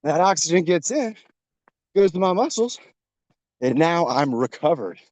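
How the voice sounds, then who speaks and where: A man's voice: on the high side, very animated, measured pace, a little mellow, no room sound. A man coaching a workout while jogging outdoors, encouraging and a little out of breath. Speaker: fitness coach. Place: outdoors on a trail.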